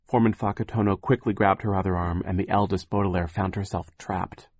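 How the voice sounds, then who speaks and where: Deep-voiced man narrating dryly. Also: fairly even intonation, brisk, a little mellow, no echo. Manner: dry, wry storyteller who explains words. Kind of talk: scripted audiobook narration.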